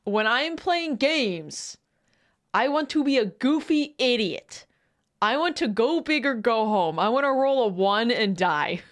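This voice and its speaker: Woman streamer, excitable and giggly, bouncing pitch, unhurried delivery. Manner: excitable, laughs often, swears freely. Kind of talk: casual reaction stream chat.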